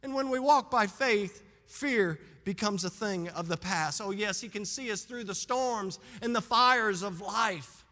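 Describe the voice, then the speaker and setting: A hoarse man preaching a sermon as pastor, with emphatic swings between loud and soft. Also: high-pitched, measured pace, few pauses, in a large hall.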